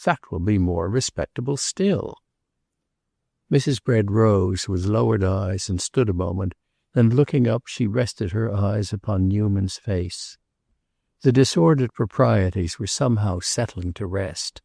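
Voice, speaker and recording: A man narrating a classic novel as an audiobook, reading in a measured, unhurried way. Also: on the low side, creaky, mellow, no room sound, clean studio sound.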